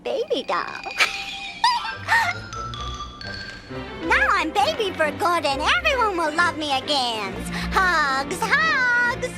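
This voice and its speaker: A grown woman stuck in a child's role coos in a sugary, sing-song baby voice. The pitch sits very high and swoops playfully. It is delivered slowly over a loud cartoon score. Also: huge pitch swings, over loud music, full character voice. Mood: cloying.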